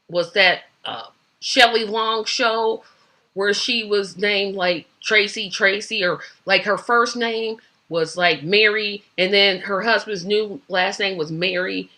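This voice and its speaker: A woman's voice: mid-range voice, slow, pushed and bright. A woman hosting a casual solo chat, rambling through her thoughts with many fillers and restarts. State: back hurting, shifting in seat. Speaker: host. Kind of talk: casual solo chat about old TV shows.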